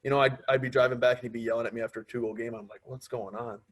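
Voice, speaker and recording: A man's voice: medium pitch, rapid-fire. Young man telling stories on a podcast. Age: 20s. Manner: storytelling, quoting others in lively asides. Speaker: podcast guest, pro hockey player. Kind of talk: casual interview chat.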